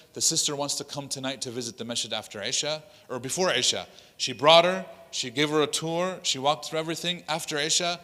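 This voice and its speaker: Man, imam, lively storytelling workshop talk, bright tone, long hall echo. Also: mid-range voice. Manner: animated storytelling with quoted voices. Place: mosque hall.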